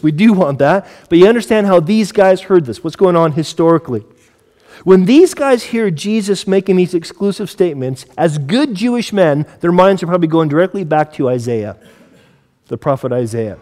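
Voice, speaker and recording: Pastor preaching in a reverberant hall. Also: male voice, on the high side. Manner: intimate and hushed at times, rising to loud emphatic scripture reading. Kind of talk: sermon. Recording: long reverb of a large hall.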